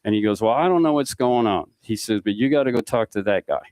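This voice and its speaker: Low-voiced man telling a long story. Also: lively intonation, quick pace, a little mellow, dry recording. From Mississippi Gulf Coast. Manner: rambling anecdotal storyteller acting out dialogue. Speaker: podcast guest. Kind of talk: casual storytelling.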